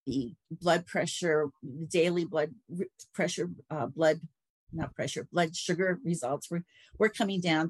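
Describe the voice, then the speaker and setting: A middle-aged woman telling her own story in a casual interview, chatty and animated when she quotes others. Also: low voice, husky, no room sound, rough recording. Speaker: guest.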